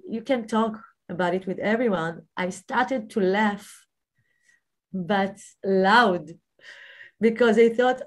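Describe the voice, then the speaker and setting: Woman with halting, searching speech. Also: fairly high pitch. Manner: halting, searching for words, many fillers; swells with emphasis on key phrases. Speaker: guest telling her near-death story. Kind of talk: personal testimony.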